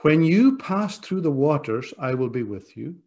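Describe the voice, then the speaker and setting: A man's voice: a little high, sing-song, moderate pace, a little mellow. A man preaching a sermon as pastor, earnest and direct, appealing to his listeners. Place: church.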